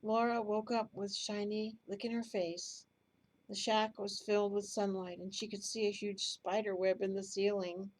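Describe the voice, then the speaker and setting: Woman reading a gentle bedtime story. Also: mid-range voice, flat delivery, normal speed, low-quality recording.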